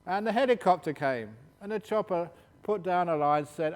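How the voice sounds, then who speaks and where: A man, a meditation teacher, answering questions at a retreat in a jokey, animated storytelling manner. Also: high-pitched, slow, pauses often. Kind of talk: retreat Q&A talk. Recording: reverberant hall.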